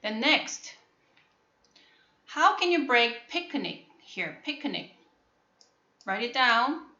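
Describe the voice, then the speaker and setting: A woman leads an online phonics lesson in a bright, slightly high voice. She speaks slowly and patiently, asking the same question again and again to draw out answers. The call audio is echoey and muffled. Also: big pitch swings. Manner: slow, patient, repeats questions to prompt students. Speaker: English teacher.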